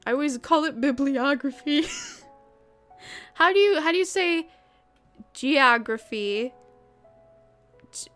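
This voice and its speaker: A woman's voice: high-pitched, fairly bright tone. A young woman chatting casually while streaming a game, rambling, stumbling over words and laughing often. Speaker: streamer playing a cleaning game. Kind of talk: casual livestream chat while gaming.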